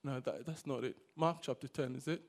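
A man preaching a sermon to a congregation, swinging between loud exhortation and quiet asides. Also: mid-range voice, brisk, vocal fry. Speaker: pastor. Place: church service.

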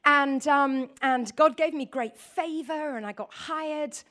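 A middle-aged woman from northern England preaches with liveliness and a slow pace, her voice high and bright. She addresses the congregation directly, poses questions to them, and wanders into chatty personal asides.

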